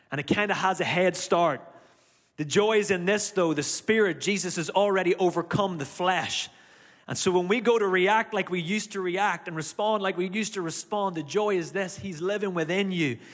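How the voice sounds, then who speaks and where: High-pitched and a bit bright, this man from Ireland has an accent gone a little American. A long reverb tail follows him as the pastor preaches casually and throws in remarks to the congregation.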